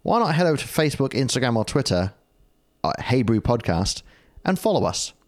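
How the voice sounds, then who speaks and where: A man's voice: mid-range voice, big pitch swings, fairly quick. A man co-hosting a podcast, joking and swearing in casual banter. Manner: joking, swearing, laughs often. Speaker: podcast co-host.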